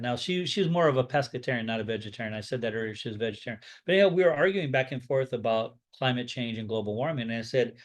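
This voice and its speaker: A rabbi teaching a Bible study in a loose, conversational way, full of fillers and restarts, voicing strong opinions and telling stories. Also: male voice, medium pitch, fast, few pauses. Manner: rambling, off-the-cuff, with many fillers and restarts; opinionated, tells stories with lively acted-out dialogue. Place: Florida.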